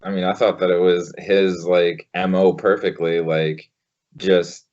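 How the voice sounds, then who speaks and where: A man co-hosting a casual podcast, talking haltingly with many fillers and some swearing. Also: low-pitched, level tone, a little mellow. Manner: halting, filler-heavy, profane. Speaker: podcast co-host. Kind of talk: casual chat. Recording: dull lo-fi podcast audio.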